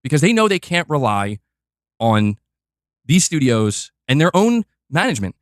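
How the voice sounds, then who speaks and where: A man's voice: fairly high pitch, a bit bright, no echo, studio quality. A man ranting as a gaming commentator, reacting to a video in a fiery, exasperated, profane way. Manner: fiery, exasperated, profane, talks fast in bursts. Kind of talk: heated reaction rant.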